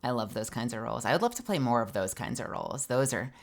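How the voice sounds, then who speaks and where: A woman streamer with a low voice talks shop about voice acting in a loose, animated way, swearing freely as she goes. She is a voice actor herself and explains the craft to her viewers in a casual live-stream chat. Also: quick pace.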